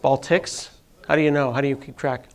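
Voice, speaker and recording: A man's voice: mid-range voice, level tone, fairly quick. A man in his forties with a sniffly cold, giving a self-deprecating, chatty live tech talk to an audience in a meeting room. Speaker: tech presenter. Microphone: handheld mic.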